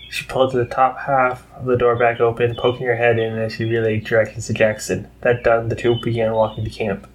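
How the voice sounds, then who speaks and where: A man narrating fan fiction aloud in a steady, unhurried way. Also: mid-range voice, slight background noise, rough recording.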